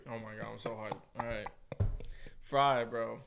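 A man's voice: on the low side, fairly even intonation. A man chatting casually, reacting eagerly to a friend's story. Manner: eager listener, quick reactions. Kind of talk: casual chat. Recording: gravelly voice with clear background noise.

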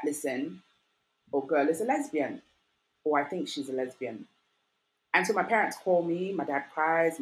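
Low-voiced woman telling a lively personal story. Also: slight background noise, poor audio. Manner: animated, acts out quoted voices, many fillers like "like" and "you know". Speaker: guest.

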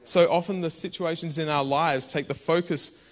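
A man's voice: a little high, normal speed. A man, preaching a conversational sermon in a church. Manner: conversational and animated, bursts into shouts. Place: church hall.

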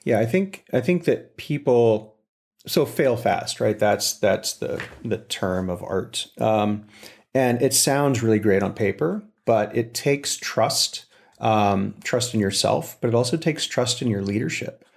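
A middle-aged man in casual conversation, telling workplace stories and acting out the quotes with lively shifts. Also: medium pitch, a little slow, creaky. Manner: animated storyteller, acts out quotes.

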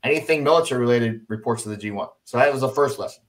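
A middle-aged man, a former army officer, telling a story in casual conversation and acting out the dialogue with lively jumps in his voice. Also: very fast. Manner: animated, acts out quoted dialogue with jumps in pitch.

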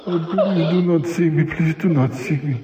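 Guy putting on a jittery low-voiced scaredy character, pitch jumping all over, echoey room with hiss behind. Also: very animated, slow pace. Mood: frightened. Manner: anxious, dithering, lots of "oh dear". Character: timid fretful male character hiding in fear. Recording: roomy, dull sound with loud noise.

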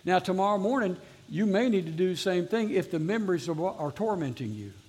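A man's voice: sits high, lively intonation, a little fast, darkish tone, breathy edge. A man preaching a sermon as pastor to a live congregation, earnestly repeating his exhortations.

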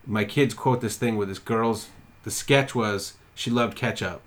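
A man co-hosting a comedy podcast, sarcastic and quick to tease. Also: lowish voice. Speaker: podcast co-host. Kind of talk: casual comedy chat.

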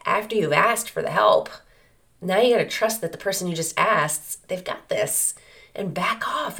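A woman's voice: fairly low pitch, gravelly. A woman hosting a solo podcast, talking in an earnest, conversational way with many rhetorical questions. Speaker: podcast host. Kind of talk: reflective solo podcast monologue.

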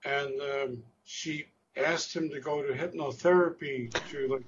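A man co-hosting a casual film review podcast, halting as he searches for words, with casual swearing. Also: mid-range voice, fairly even intonation, muffled recording, slight background noise. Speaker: podcast co-host.

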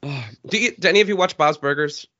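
A man in casual film chat, enthusiastic and quick to laugh. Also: a little high, bright, forceful tone. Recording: dull lo-fi sound.

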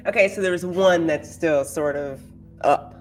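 A woman's voice: fairly low pitch, measured pace, a little mellow, soft background music. A woman playing in a tabletop game, describing her character's actions in a casual way. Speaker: player. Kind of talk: tabletop role-play.

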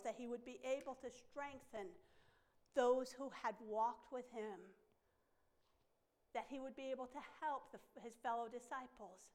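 A woman's voice: on the high side, a little mellow. A woman pastor preaching a sermon, stressing her points by repeating phrases.

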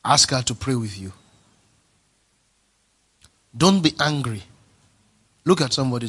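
A male pastor preaching a sermon, emphatic and repetitive, swinging from soft to near-shouting. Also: medium pitch, animated, unhurried, pauses often, slightly rough.

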